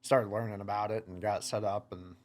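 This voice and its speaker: A man's voice: on the low side, steady tone, brisk, a little mellow. Laid-back young man rambling through a story. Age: 20s. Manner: rambling, many "like" fillers, quoting himself. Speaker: guest, motocross racer. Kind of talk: casual podcast storytelling.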